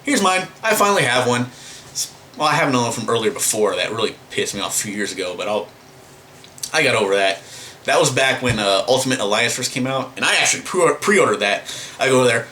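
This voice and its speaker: A man's voice: medium pitch, expressive, quick pace, bright, forceful tone, a little hiss or hum. A man ranting to camera in a vlog, exasperated and profane, full of fillers and restarts. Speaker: vlogger.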